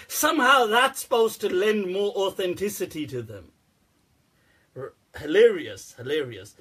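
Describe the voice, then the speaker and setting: Sarcastic high-voiced man ranting. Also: animated, measured pace, sharp tone, breathy edge. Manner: sarcastic, laughs often, swears freely. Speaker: Islamic scholar answering questions. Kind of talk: casual ranting commentary.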